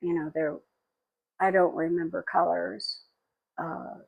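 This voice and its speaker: A woman in her sixties speaks slowly and haltingly, pausing often as she shares memories, her emotion close to the surface. Her voice is husky with a gravelly fry, recorded dry and close. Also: fairly low pitch, little pitch movement, no echo, poor audio. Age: 60s. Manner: halting and reflective, with frequent pauses and fillers; tearful and emotional. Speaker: spiritual vlogger. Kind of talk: personal memoir monologue.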